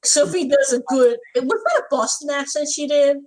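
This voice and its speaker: A woman's voice: sits high, moderate pace, darkish tone, poor audio. A woman co-hosting a casual chat, sharing blunt opinions about a TV episode. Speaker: podcast co-host.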